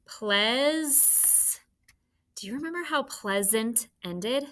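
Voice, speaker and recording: Slow, patient woman teaching phonics. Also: mid-range voice, a bit bright. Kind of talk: phonics lesson to children.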